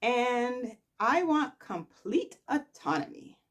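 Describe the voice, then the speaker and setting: Brief: woman narrator voicing a defiant grown son in a soap recap, flippant, slow-paced. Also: fairly high pitch, big pitch swings, pitched above the performer's own voice, full character voice. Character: man, a soap son demanding full control.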